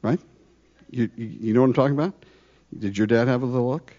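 A man preaching a conversational sermon, full of rhetorical questions and lively asides. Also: mid-range voice, fairly quick, highs cut off. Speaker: pastor.

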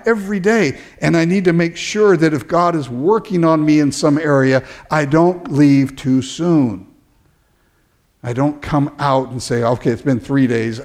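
A man preaching a sermon as pastor, animated, often restarting words and acting out the people he quotes. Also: a little high.

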